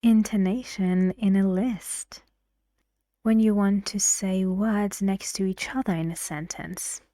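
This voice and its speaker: Woman teacher, slow, measured, dry close sound, breathy asides. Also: medium pitch, fairly even intonation, no room sound. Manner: slow, deliberate explanations with frequent soft, half-whispered phrases. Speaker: English teacher. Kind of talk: explaining pronunciation in a language lesson.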